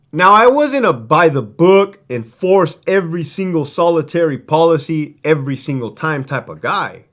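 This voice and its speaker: A man's voice: mid-range voice, a bit bright. A man who used to be a prison guard tells stories in a casual, profane, streetwise way, rambling and restarting his sentences. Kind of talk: casual storytelling.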